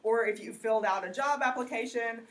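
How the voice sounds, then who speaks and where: A woman's voice: a little high, fairly quick, recorded from a distance, slight background noise. A woman teacher giving a casual lecture to her class, asking questions and drifting into tangents. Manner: conversational, asks the class questions, goes off on tangents.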